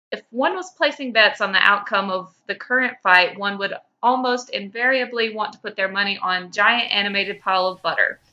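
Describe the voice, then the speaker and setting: Woman podcast host, lively fan-fiction reader, bright tone; lo-fi audio. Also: mid-range voice. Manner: lively, breaks into laughter. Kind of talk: reading fan fiction aloud.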